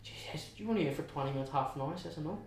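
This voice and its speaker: A young man with a Belfast accent telling his story as an interview guest, chatty and halting, with many restarts. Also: a little high, gravelly, slight background noise. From West Belfast, Northern Ireland. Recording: echoey room, heard from a distance.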